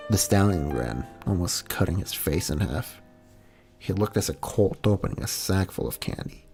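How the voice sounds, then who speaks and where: A man's voice: deep voice, animated, moderate pace, a little mellow, soft background music. A man streaming a reading of fan fiction, casual, laughing at his own mix-ups and swearing now and then.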